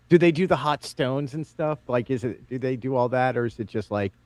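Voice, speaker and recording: A man hosting a casual group chat, animated and quick to laugh as he steers the talk. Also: mid-range voice, dry recording. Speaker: podcast host.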